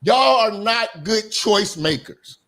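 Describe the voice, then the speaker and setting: A man's voice: high-pitched, lively intonation, slow pace, fairly bright tone. A man lecturing emphatically and repetitively in a heated streamed debate. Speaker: debate guest.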